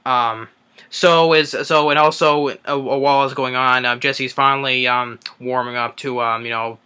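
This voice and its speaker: A man's voice: medium pitch, fairly even intonation, unhurried, sharp tone, clear, resonant tone. A young man casually recapping a film's plot, rambling with lots of fillers and restarts. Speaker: movie reviewer. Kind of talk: casual spoken movie recap.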